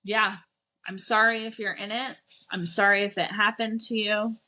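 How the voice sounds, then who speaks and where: A woman life coach hosts her own podcast, speaking candidly and reflectively to her listeners. Her voice is bright and a little tense, in a middle pitch. She drops casual swear words and keeps checking in with a quick "right?". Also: level tone. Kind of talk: candid solo podcast monologue.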